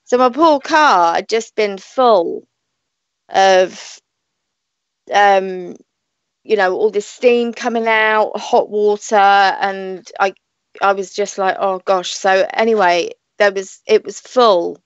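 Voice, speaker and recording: On her live online radio show, a British radio host and psychic reader talks in a chatty, rambling way, often breaking into laughter. Her voice is mid-range and unhurried, and the muffled recording has no echo.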